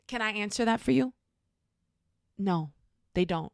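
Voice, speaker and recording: A woman leads a faith-based class, speaking frankly and talking straight to her listeners. Her voice sits at a middle pitch. The sound is dry and close. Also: animated, unhurried, vocal fry, long pauses, no echo. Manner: conversational, frank, addresses listeners directly; acts out quoted voices. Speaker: class teacher. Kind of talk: faith-based teaching talk.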